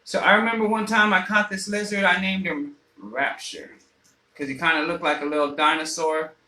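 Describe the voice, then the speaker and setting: A man with a high, bright voice spins a rambling, foul-mouthed story, stumbling over restarts and fillers. He sounds like a radio host chatting loosely, and his voice bounces around a roomy, echoey space. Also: fairly even intonation, moderate pace. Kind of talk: casual personal storytelling. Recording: roomy echo.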